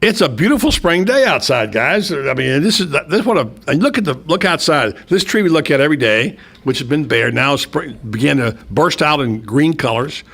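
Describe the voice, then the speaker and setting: A man hosting a local radio talk show in a studio, chatting casually in a rambling way with frequent restarts and excitable asides. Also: a little high, a little fast, creaky, hardly any pauses, slightly rough. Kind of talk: casual on-air chat.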